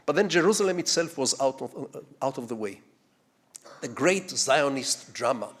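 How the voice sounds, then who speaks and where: Older Israeli man lecturing, digressive storyteller. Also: on the high side. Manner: digressive, with rhetorical questions and sweeping dramatic shifts in loudness. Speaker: guest lecturer.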